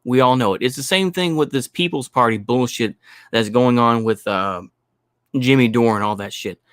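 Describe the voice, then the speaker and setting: A man's voice: mid-range voice, moderate pace, a bit bright, dry recording, clean studio sound. A man hosting a stream, ranting bluntly and profanely in commentary, repeating his points. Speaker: stream host.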